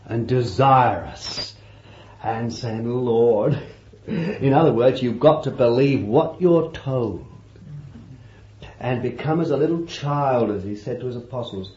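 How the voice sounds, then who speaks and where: Roomy old sermon tape, preacher. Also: male voice, medium pitch, slow, dull audio, a little hiss or hum. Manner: dramatic swings from loud to hushed, repeats for emphasis.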